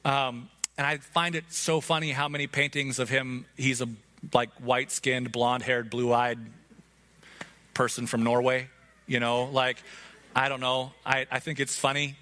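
A man preaching to his congregation in an earnest, conversational way. His voice sits at an ordinary middle pitch, and he speaks to the room as if talking to each listener. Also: level tone, unhurried, pushed and bright. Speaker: pastor. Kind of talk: sermon. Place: church hall before a congregation.

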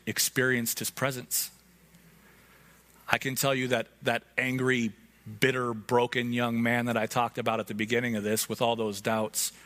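A man's voice: mid-range voice, fairly bright tone. A man preaching an Easter sermon as pastor, in an earnest, conversational way, speaking directly to his congregation. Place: church hall before a congregation.

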